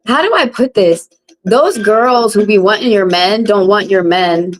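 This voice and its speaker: On a rough recording, a woman speaks unhurriedly in a medium pitch. A tarot reader on a live stream, she addresses her chat directly, keeping things blunt, casual, and full of profanity.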